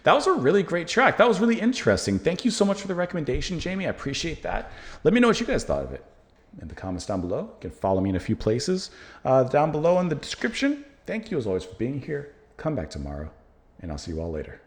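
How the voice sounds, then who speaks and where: A man's voice: on the high side, wildly swooping pitch, quick pace. An American man hosting a music reaction channel, musing aloud in casual talk with plenty of fillers as he reviews a song.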